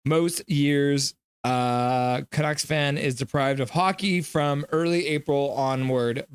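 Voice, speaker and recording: A man's voice: fairly high pitch, clean tone, dry recording, clean studio sound. A man hosting a casual live stream, reading viewer comments aloud and riffing on them in a loose, chatty way. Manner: chatty, loose, many fillers. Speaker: livestream host.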